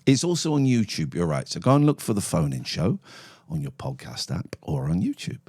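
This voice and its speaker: A man's voice: fairly low pitch, huge pitch swings, a little fast, vocal fry, darkish tone, husky. A man hosting a phone-in show, chatting casually with callers in a blunt, sweary, sardonic way. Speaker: phone-in host. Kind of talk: casual live-stream chat.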